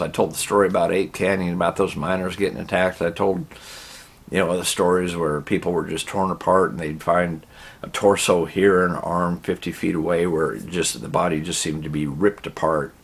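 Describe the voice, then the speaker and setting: Low, gravelly man spinning a yarn, folksy and rambling. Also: fairly even intonation. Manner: folksy, rambling, drawn-out telling. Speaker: storyteller. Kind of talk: casual spoken storytelling.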